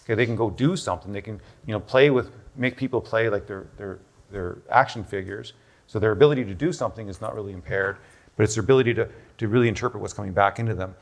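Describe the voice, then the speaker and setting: A man's voice: lowish voice, fast talker, gravelly. Lecturing man with "okay?" checks. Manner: lecturing, thinks aloud with frequent "okay?" checks. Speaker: doctor presenting a health protocol. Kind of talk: explanatory talk on stage. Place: busy room with a live audience.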